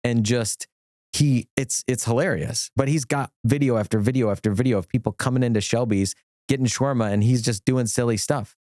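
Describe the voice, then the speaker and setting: A middle-aged man, an attorney, chatting as a podcast guest, enthusiastic and rambling with quick restarts. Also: medium pitch, a little mellow, no echo, studio quality. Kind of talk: casual podcast conversation.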